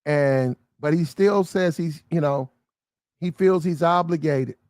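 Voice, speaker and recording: A man giving animated storytelling commentary, full of slang. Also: a little high, slow pace, dry recording, clean studio sound.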